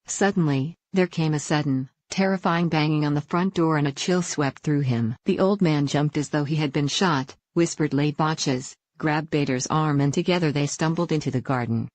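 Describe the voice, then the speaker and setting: A woman reading a wartime escape story aloud as narrator, in a steady storytelling manner. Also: deep voice, no room sound. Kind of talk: scripted narration.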